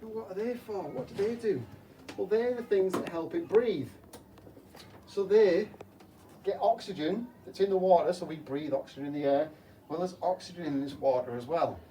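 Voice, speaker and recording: An aquarium technician cleans a school tank while playfully explaining things to children, chatting away and tossing them rhetorical questions. His voice is high-pitched and dark in tone at a normal speed, picked up by a slightly distant mic with a faint hum.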